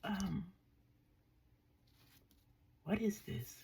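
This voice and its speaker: A woman's voice: medium pitch, expressive, very slow, gravelly, mellow, a little hiss or hum. An older woman casually chatting through her washi tape collection, thinking aloud with dry, self-mocking remarks. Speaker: craft vlogger. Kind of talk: casual crafting show-and-tell.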